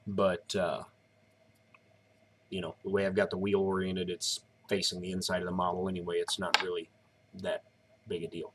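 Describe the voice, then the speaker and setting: A man's voice: deep voice, little pitch movement, normal speed, long pauses, a little hiss or hum. A tired man in his thirties chatting casually on a live stream, rambling as he explains each step. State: tired, yawning.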